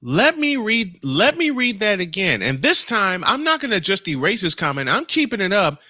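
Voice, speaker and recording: In a high-pitched, sing-song voice, a man hosting a morning show rants angrily on air, addressing a critic head-on and reading the comments aloud. He speaks at a normal speed with a bright, forceful tone, repeating phrases to drive his points home. Studio quality, no echo.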